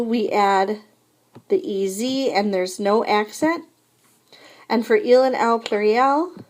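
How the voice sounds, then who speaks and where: A woman teaching a French lesson at an unhurried pace. She talks patiently in a mid-range voice, walking through each verb form step by step and saying every conjugation aloud so students can follow. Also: medium pitch. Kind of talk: recorded classroom lesson.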